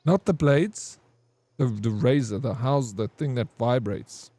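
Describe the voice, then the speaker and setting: A man's voice: medium pitch, a little slow, mellow, no echo. A man streaming a game, telling a long, rambling anecdote with plenty of swearing and "bro". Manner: rambling, profane, says "bro" a lot. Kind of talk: casual storytelling over gameplay.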